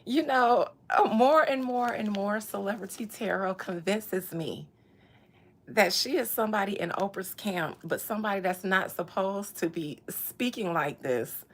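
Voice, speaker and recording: A woman's voice: mid-range voice, a little slow. A woman vlogger in casual chat, joking playfully and laughing often.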